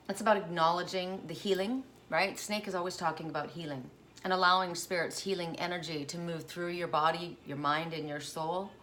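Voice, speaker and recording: A woman's voice: fairly low pitch, moderate pace, a little hiss or hum. A woman giving a spiritual oracle card reading, musing aloud with coughs and asides, choked up at times.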